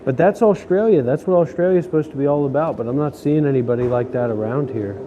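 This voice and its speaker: A man's voice: medium pitch, fast talker, highs cut off, noisy background. A man vlogging while he walks through city streets and a station, ranting in a profane, sarcastic, grumbling way. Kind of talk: casual rant while walking.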